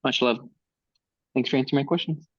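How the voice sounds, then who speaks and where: A man on the jury asking a quick question of the finalists and then signing off in a friendly way. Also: mid-range voice, husky. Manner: brisk, friendly sign-off. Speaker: juror. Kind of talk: casual online call. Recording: dull lo-fi mic.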